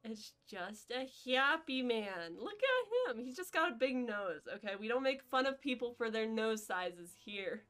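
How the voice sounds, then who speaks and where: Playful high-voiced woman streamer. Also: animated, measured pace, hardly any pauses, a bit bright. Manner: playful, jokey, rambling. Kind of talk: casual gameplay chat.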